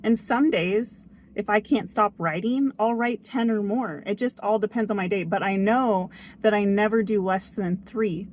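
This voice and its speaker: A woman's voice: mid-range voice, moderate pace, darkish tone, slight background noise. A young woman giving a motivational talk to camera, earnest and chatty, often checking in with "okay?". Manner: earnest and upbeat, chatty, frequent "okay?" and "oh my gosh". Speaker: vlogger. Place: outdoors near a tree.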